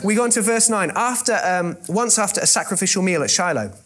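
A man's voice: sits high, expressive, fast, fairly bright tone, slight background noise. A man preaching a sermon, retelling a scripture story with wry joking asides and frequent fillers and restarts.

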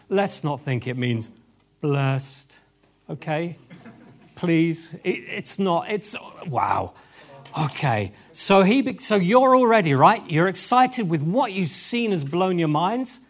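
A man preaching a lively sermon, animated and exclamatory, addressing the audience directly. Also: fairly high pitch, takes it slowly. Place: event hall with tables.

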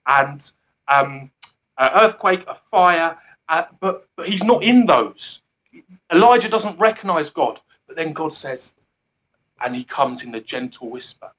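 A man's voice: a little high, lively intonation, a little slow, a bit bright, lo-fi sound. Earnest man giving a rambling devotional. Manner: earnest, rambling, laughs at himself. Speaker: guest speaker. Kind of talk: informal devotional talk.

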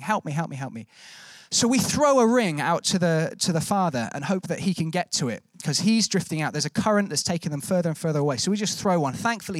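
A man's voice: high-pitched, dry recording, rough recording. A man telling a personal rescue story in an earnest, vivid way, acting out what people said. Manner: earnest, vivid retelling with acted-out quotes. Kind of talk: testimony storytelling.

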